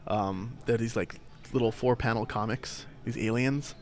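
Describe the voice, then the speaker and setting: A young man co-hosting a podcast, talking loosely and laughing often. His voice sits in an ordinary middle pitch, and he tells his stories with animated quoted voices. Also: moderate pace, soft background music. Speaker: podcast co-host. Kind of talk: casual chat.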